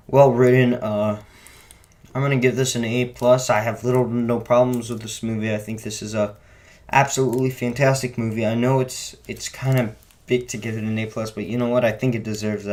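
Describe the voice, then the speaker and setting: A man's voice: fairly low pitch, a little mellow. Rambling young man reviewing a film. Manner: rambling, many restarts and self-corrections. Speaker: movie reviewer. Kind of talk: casual unscripted film review.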